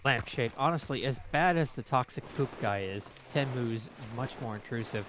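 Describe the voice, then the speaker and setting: A man's voice: mid-range voice, normal speed, background noise. Man reading out viewer messages. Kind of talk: reading chat messages aloud.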